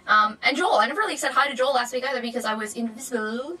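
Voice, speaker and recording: Bright, rambling young woman. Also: racing, few pauses, slightly rough, rough recording. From Canada. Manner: rambling, lots of fillers and self-corrections; animated, jumps to high squeals. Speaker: vlogger. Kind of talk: casual chatty vlog monologue.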